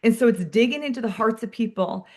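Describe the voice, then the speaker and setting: Speaking fast in a slightly high voice, a woman runs a team meeting as sales director. Her motivational talk is energetic and chatty, full of "like" and "friends."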